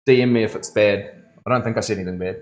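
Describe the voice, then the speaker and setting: A man with a lowish, steady voice talks fast while tattooing on a live stream in his studio. He rambles casually with viewers, calls them bro, and laughs a lot.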